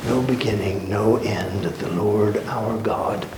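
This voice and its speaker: A man teaching a church Bible study in a folksy, animated storytelling way, with playful asides. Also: fairly low pitch, takes it slowly. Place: church hall. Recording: echoey hall with background noise.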